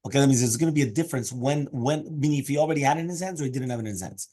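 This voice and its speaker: Speaking very fast in a warm, mid-range voice, a man runs a daily Talmud class and explains each Aramaic phrase in English. He weaves Hebrew and Aramaic terms into his English and regularly asks "right?" and "okay?".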